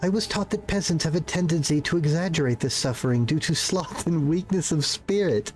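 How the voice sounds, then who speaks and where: A man voicing a haughty young noblewoman, reading her lines in a formal, deliberate way. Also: on the high side, darkish tone, soft background music, voice pushed up, lightly acted. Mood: measured.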